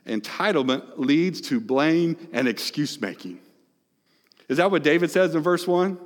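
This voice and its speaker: A man's voice: a little high, lively intonation, measured pace. Emphatic male preacher in echoing hall. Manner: swings between hushed, soft phrases and loud, emphatic ones. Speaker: pastor. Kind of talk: sermon. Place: large church hall. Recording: long echoing hall reverb.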